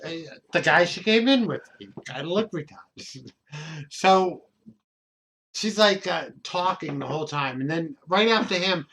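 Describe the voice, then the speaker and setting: A man in his forties with a Boston accent, a comedian telling stories in a casual chat, profane and animated. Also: fairly high pitch, measured pace, breathy edge. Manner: profane, animated storyteller acting out quotes.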